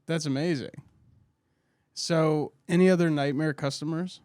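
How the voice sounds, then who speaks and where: A man's voice: on the high side, steady tone, a little slow, a little mellow, clean tone, no room sound, studio quality. A man co-hosting a comedy podcast, chatting casually, teasing and reading out customer reviews. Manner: teasing, laughs often, reads out reviews. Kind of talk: casual chat.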